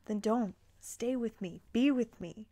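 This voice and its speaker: A woman voicing a devoted male elf, in a soft, gentle tone. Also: a little high, measured pace. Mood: tender.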